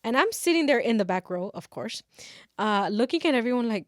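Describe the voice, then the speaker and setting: Animated young woman telling a story. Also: on the high side, fairly quick, dry recording, studio quality. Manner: animated storyteller who acts out quotes, mixes in Spanish phrases. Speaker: podcast co-host. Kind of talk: casual storytelling chat.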